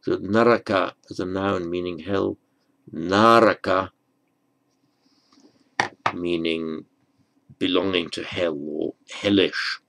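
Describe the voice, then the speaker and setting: A man teaching a slow, patient grammar lesson, spelling out words and rules. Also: sits low, steady tone, vocal fry, fairly bright tone, rough recording. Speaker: Sanskrit teacher.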